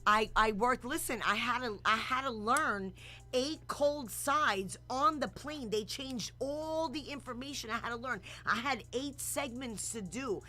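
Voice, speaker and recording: A woman hosting a casual radio talk show, telling stories in an animated, slangy way with laughs. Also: fairly high pitch, measured pace.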